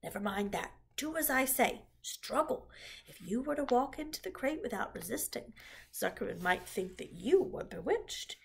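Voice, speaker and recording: A woman voicing a bossy, blunt old ewe who gives orders in an urgent hushed whisper, with a husky voice. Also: a little high, lively intonation, moderate pace, pitched above the performer's own voice, exaggerated voice.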